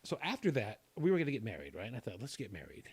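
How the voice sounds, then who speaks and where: A man spins a rambling personal anecdote with self-deprecating humor, stopping now and then to clear his throat. His voice sits at an ordinary middle pitch. The recording is close and dry, with no room sound. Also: huge pitch swings, rapid-fire, dry recording. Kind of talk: casual chat.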